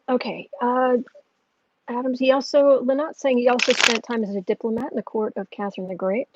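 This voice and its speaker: A woman's voice: fairly high pitch, steady tone, a little fast, muffled recording, a little hiss or hum. A woman reading astrology and tarot on a casual home livestream, musing and thinking aloud as she goes.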